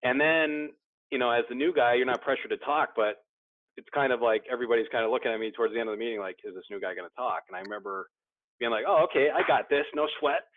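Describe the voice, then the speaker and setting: A man's voice: medium pitch, fairly even intonation, quick pace, no echo. A man sharing his story candidly in a recovery support meeting, often restarting his sentences. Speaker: support group member. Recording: dry tinny phone-like sound.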